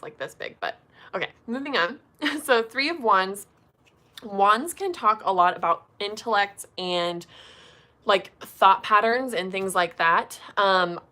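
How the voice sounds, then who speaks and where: A young woman doing tarot card pulls on a casual livestream chats freely, filling gaps with "um" and "like." Her voice is lowish with a sharp edge.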